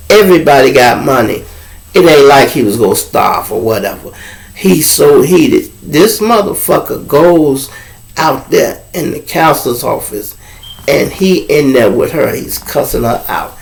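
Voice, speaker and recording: A man's voice: on the high side, gravelly. A man hosting a live show, telling a story casually to viewers and acting out every voice in the exchange. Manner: animated, acts out voices in dialogue, heavy profanity. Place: at home with a lamp nearby.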